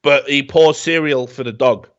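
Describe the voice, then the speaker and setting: A man's voice: medium pitch, moderate pace, fairly bright tone, clear, resonant tone. A man, hosting a talk show and ranting comically about a film in a profane, rambling, mocking way. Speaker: podcast host. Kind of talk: comedic film rant. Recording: dull lo-fi sound.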